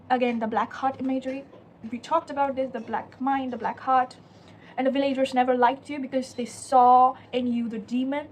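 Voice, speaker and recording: A young woman talks through a poem line by line in a casual lecture, her voice pitched high. She sounds earnest and searching, backing up and restarting phrases as she thinks, and sometimes drops into soft, hushed tones. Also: a little hiss or hum. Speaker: literature teacher. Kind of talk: conversational poetry lecture.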